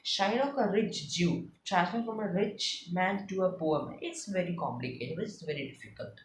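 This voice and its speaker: A woman's voice: on the low side, moderate pace, a little hiss or hum. Chatty woman explaining a play. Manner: chatty, repeats and paraphrases lines. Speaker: literature tutor. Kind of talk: explaining a play with read-aloud passages. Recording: echoey room.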